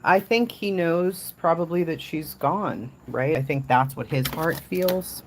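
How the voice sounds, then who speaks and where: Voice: medium pitch, measured pace, a little hiss or hum. A livestream host in casual commentary, snarky and profane, laughing often.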